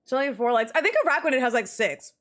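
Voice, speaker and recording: A young woman streaming, chatting casually with viewers and ranting in an exasperated, animated way. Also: high-pitched, fast talker. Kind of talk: casual livestream chat.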